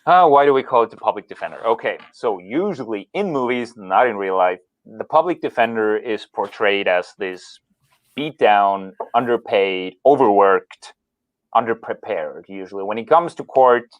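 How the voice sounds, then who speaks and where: A man's voice: lowish voice, animated, normal speed, highs cut off. Podcast cohost guy, rambles on with dry jokes. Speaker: podcast co-host. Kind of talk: casual chat.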